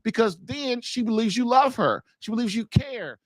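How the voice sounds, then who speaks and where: With a very high, expressive voice at normal speed, this male podcast host and marriage coach gives casual advice, stressing his points and leaning on rhetorical questions. The recording is dry.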